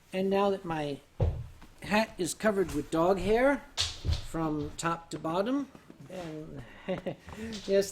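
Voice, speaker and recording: A man hosting a casual livestream and answering viewer questions with dry, deadpan humor, loose and tipsy as he sips sake. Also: sits high, noisy background. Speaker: livestream host.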